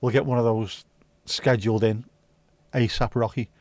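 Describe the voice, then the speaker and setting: A livestream host reacts to viewer comments with laid-back, sweary banter, chatting casually and cursing freely. His voice sits at a medium pitch with a steady, darkish tone and a normal speed, recorded with no room sound.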